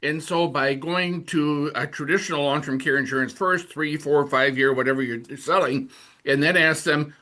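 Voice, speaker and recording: Bright, blunt-talking male agent. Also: fairly high pitch, normal speed. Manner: blunt, persuasive, quotes clients. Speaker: insurance agent. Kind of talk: casual webinar discussion.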